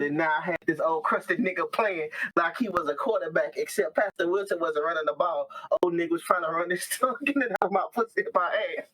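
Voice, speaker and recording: A man's voice: a little high, fast, hardly any pauses, bright, forceful tone, poor audio. A man co-hosting a podcast, joking loosely and reading a crude novel aloud for laughs. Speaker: podcast co-host. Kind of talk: comedic dramatic reading.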